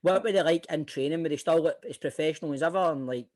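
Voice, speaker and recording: A Scottish podcast host with a high voice fires off questions to his guest. He jokes and swears his way through at a rapid clip. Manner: excitable, jokey, swearing. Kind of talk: casual chat.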